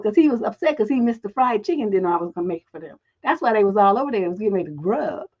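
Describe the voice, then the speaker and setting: A middle-aged woman hosting a relationship advice livestream, telling stories in a blunt, profane, animated way. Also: medium pitch, quick pace, few pauses, muffled recording.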